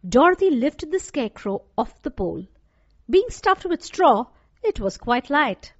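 A woman reading a children's story aloud for a class lesson, clear and deliberate. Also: high-pitched, sing-song, no echo. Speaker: teacher. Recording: dull dry lo-fi recording.

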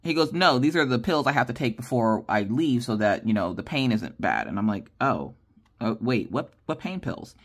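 A woman hosting a casual craft-channel chat, telling a long personal story and acting out the dialogue with lively shifts in her voice. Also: very deep voice, moderate pace. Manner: animated, acts out quoted dialogue with lively voice shifts; chatty, with many fillers and restarts.

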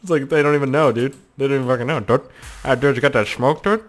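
A man giving excitable, crude let's-play commentary, swearing a lot and joking to himself. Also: mid-range voice, quick pace, slight background noise. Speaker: gaming video host.

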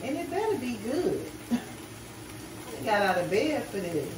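Tired, slow-talking woman vlogger. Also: fairly high pitch, big pitch swings. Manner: laid-back, tired, talks to viewers as y'all with casual swearing. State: sleepy, exhausted. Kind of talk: casual vlog chat to camera. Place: home kitchen, indoors. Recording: echoey room with background noise.

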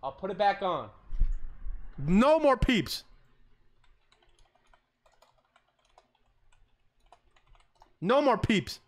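A man's voice: sits high, animated, normal speed, pushed and bright, voice pushed up. A man putting on the voice of a fed-up schoolteacher scolding a noisy class. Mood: stern. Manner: exasperated, scolding, swearing.

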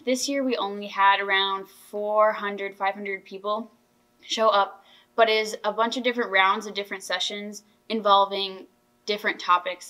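A woman's voice: mid-range voice, a bit bright, poor audio. A teenage girl hosting a school team podcast in casual chat, earnest and enthusiastic, often restarting her sentences. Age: teens. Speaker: podcast host.

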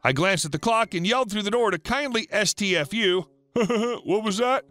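A man reading a first-person story aloud as a scripted narration, in a flat deadpan storytelling manner. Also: sits high, brisk, dry recording, soft background music.

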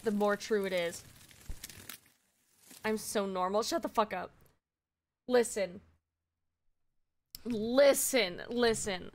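A woman's voice: medium pitch, a bit bright. A woman live-streaming, chatting casually, giddy and swearing a lot, repeating herself over and over.

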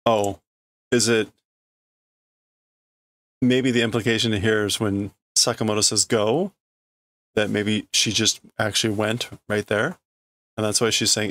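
Slow, halting man reading aloud. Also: lowish voice, little pitch movement, fairly bright tone, dry recording. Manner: halting, translating line by line, thinking aloud. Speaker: language learner reading a comic aloud. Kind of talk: casual read-through stream.

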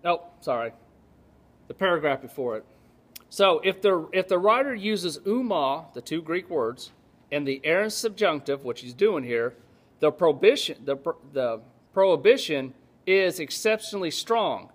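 A man's voice: a little high, lively intonation, moderate pace, breathy edge. A male pastor giving a Bible teaching sermon to his congregation, in a casual, digressive way that often checks in with the listeners.

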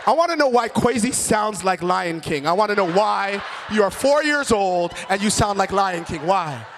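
Animated stand-up comic from Jamaica. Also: male voice, high-pitched, moderate pace, a little hiss or hum. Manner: animated storytelling, acts out characters. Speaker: stand-up comedian. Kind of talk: stand-up comedy routine.

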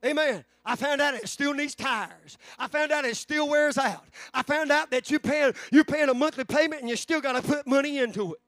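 High-voiced preacher, fervent and dry. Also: male voice, normal speed, hardly any pauses, no room sound. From United States. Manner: fervent preaching, repeats phrases, rises to shouts. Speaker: pastor. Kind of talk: sermon. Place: church sanctuary.

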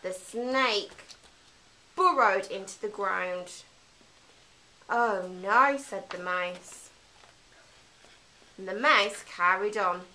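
A woman's voice: medium pitch, takes it slowly, long pauses, sharp tone, a little hiss or hum, low-quality recording. A woman teacher telling a children's story simply and animatedly, with lots of character voices.

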